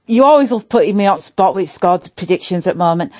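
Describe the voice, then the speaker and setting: A woman's voice: medium pitch, animated, fast talker, darkish tone, dry recording. Blunt Yorkshire woman. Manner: blunt, exclaiming, mock-reluctant. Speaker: podcast co-host. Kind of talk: casual chat.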